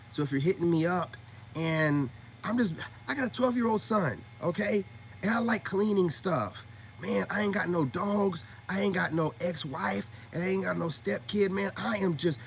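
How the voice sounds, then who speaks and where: A man's voice: high-pitched, gravelly, a little hiss or hum. A man, casually livestreaming to viewers and teasing them with a drawling manner. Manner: drawling, teasing, repeats "you know what I'm saying". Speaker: self-styled spiritual coach livestreaming to viewers. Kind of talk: casual livestream talk to chat.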